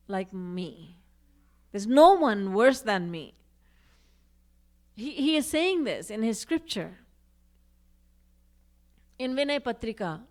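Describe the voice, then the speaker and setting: A woman giving a devotional discourse, reciting verses and acting out quoted speech with expression. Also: a little high. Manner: recites Sanskrit and Hindi verses. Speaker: spiritual teacher.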